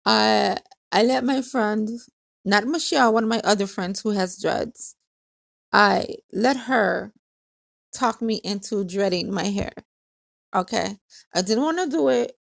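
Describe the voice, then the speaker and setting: This woman from Hawaii hosts her own podcast, speaking a little slowly in a creaky mid-range voice with long pauses. The sound is dry and clean, studio quality. She tells a casual story in a chatty way, laughing often and acting out what other people said.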